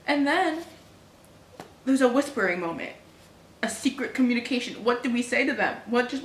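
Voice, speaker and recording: A young woman vlogging her reading, emotional and exclaiming, swinging from hushed to loud reactions. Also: fairly high pitch, expressive, moderate pace, long pauses. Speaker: book vlogger. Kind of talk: reading vlog chatter. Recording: roomy echo, faint room noise.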